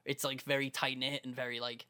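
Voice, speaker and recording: A man's voice: medium pitch, little pitch movement, a little fast, sharp tone, clean tone. A young man co-hosting a podcast, telling a story in casual chat, acting out quotes and laughing often. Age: young adult. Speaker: podcast co-host.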